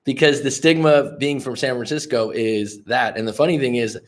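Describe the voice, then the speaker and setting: A man's voice: medium pitch, moderate pace. A talkative, outgoing young American man from California, telling stories casually to a livestream chat. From California, Bay Area. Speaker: life coach hosting a livestream. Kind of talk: casual storytelling to live chat.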